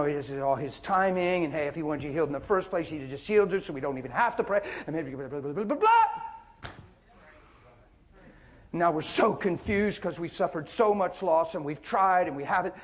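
A man preaching an impassioned sermon, firing rhetorical questions, repeating phrases, and swinging from shouting to near whispers. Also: on the high side.

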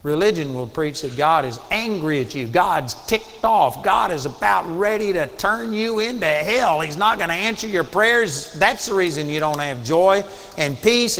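A man preaching a sermon in an earnest, emphatic way, moving between quiet storytelling and raised exhortation. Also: fairly high pitch, big-room sound.

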